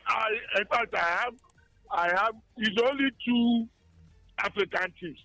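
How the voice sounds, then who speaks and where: High-voiced caller, gravelly. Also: male voice, measured pace, pushed and bright, no echo, faint music behind, poor audio. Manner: hesitant, full of fillers. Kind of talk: phone-in call.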